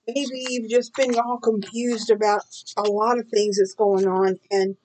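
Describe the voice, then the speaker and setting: A woman's voice: medium pitch, a little mellow, low-quality recording. A middle-aged woman teaching from the Bible in a sermon style, earnest and full of searching questions.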